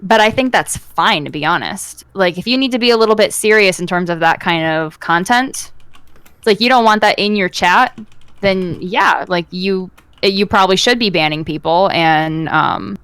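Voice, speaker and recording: Smooth-voiced woman chatting over typing. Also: medium pitch, normal speed, no echo. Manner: relaxed, rambling, chatty. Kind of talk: casual chat.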